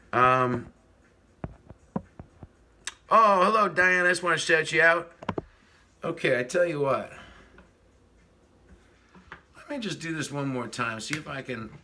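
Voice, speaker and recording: A livestream host chats casually, rambling while he greets viewers, reads their comments, and fiddles with the stream. His voice sits at medium pitch with a sharp tone, and there's a slight hiss or hum in the audio.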